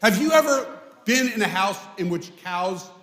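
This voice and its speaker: Animated storyteller man in an echoing sanctuary. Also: high voice, normal speed. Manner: playful, chatty, talks with the audience. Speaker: storyteller at a children's family service. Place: synagogue sanctuary. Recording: echoey hall.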